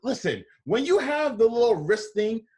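A young adult reacting loudly in casual chat, exclamatory and quick to chime in. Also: mid-range voice, very animated, breathy edge.

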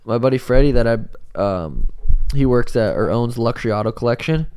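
A man's voice: mid-range voice, moderate pace, clean tone. A young man hosting a podcast in casual chat, swearing often and acting out quotes. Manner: animated, swears a lot, acts out quotes. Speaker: podcast host.

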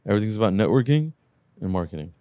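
A laid-back man talking casually on a podcast, his voice low and mellow. He rattles off lists and drops the odd swear word. The sound is close and dry. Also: big pitch swings, rapid-fire, no room sound. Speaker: podcast co-host, car shop owner.

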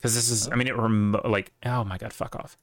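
A man's voice: lowish voice, fairly even intonation, fairly quick, dry recording, clean studio sound. Rambling man with a light Southern accent. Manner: rambling, profane, lots of restarts. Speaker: podcast co-host. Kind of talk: casual podcast chat.

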